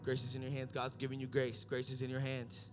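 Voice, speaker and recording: A young man preaching a sermon, telling stories and building up to shouted climaxes. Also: medium pitch, completely flat delivery, brisk, soft background music.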